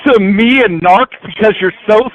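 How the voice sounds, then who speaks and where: A man's voice: high-pitched, normal speed. A man mocking someone on a phone call with constant swearing. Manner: mocking and profane.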